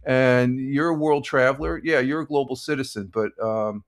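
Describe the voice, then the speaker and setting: A man's voice: medium pitch, normal speed. An older American man hosting a casual live stream, rambling with many restarts and giving blunt opinions while reading viewer comments. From United States.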